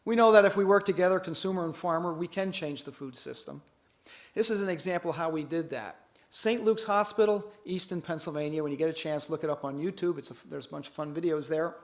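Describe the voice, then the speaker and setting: A man's voice: a little high, fast talker. A man giving a conference keynote in a folksy, storytelling way, acting out the dialogue of the people in his stories. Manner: folksy, animated, acts out dialogue. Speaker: keynote speaker.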